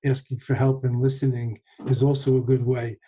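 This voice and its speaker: A man hosting a podcast, speaking in a thoughtful, unhurried conversational way with pauses and restarts. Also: medium pitch, flat delivery, warm tone, breathy edge. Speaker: podcast host and meditation teacher. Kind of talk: reflective conversational talk.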